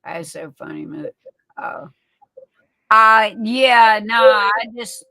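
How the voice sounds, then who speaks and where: Folksy woman, bright voice. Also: a little high, slow, dry recording, poor audio. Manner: folksy, repeats and restarts words. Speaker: livestream guest. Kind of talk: casual storytelling chat.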